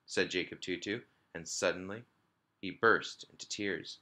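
A man, a teacher, reading a children's book aloud to his class in a lively storytelling manner. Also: sits low, moderate pace. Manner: lively storytelling, small slips and restarts.

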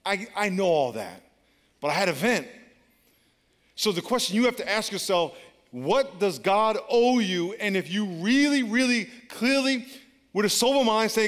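Speaking at normal speed in a high, very animated, slightly bright voice, a male pastor delivers an emphatic sermon full of repetition. Call-and-response with the congregation fills a large church auditorium, with long hall reverb on the recording.

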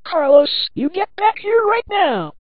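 A woman's voice: mid-range voice, very animated, measured pace, no room sound, muffled recording. A woman voicing a possessed, murderous schoolgirl who taunts her victims in a menacing tone. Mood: furious.

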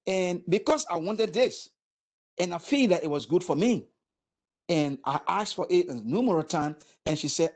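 A man in his sixties, a war veteran from Africa, telling his story earnestly in a halting way with many repeated words. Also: sits high, animated, a little mellow. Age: 60s. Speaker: interview guest, war veteran. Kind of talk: emotional personal testimony.

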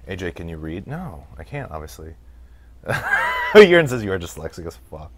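An American gaming streamer delivers casual let's-play commentary in a low, sing-song voice, talking a little fast. He's chatty, laughs a lot, and swears freely while reading his chat.

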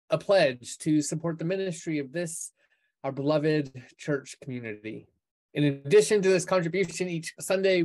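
A man leading a church service, giving offering announcements in a measured, earnest way. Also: on the high side, darkish tone. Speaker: worship leader.

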